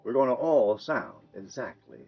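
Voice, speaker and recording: A man's voice: medium pitch, very animated, moderate pace, husky. An older man from the American South with a Southern accent, talking in a folksy, musing way in a casual monologue to camera. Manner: folksy, musing, soft chuckles. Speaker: vlogger. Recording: muffled with soft music underneath.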